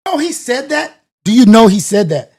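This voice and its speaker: A man's voice: very high-pitched, big pitch swings, moderate pace, darkish tone, breathy edge. A man hosting a casual live stream, rambling and thinking aloud, often correcting himself. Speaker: live-stream show host.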